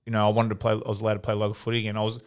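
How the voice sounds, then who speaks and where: A man's voice: lowish voice, racing, smooth. A young Australian man, an ex-footballer, telling stories in casual podcast chat, swearing freely. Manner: swears freely, animated storytelling. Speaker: podcast co-host, former footballer.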